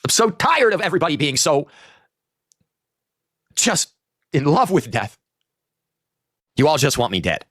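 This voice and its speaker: A man's voice: fairly high pitch, huge pitch swings, unhurried, long pauses, a bit bright, no room sound, studio quality. A man in his thirties ranting in a vlog monologue, profane, exasperated and self-pitying. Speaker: online video maker.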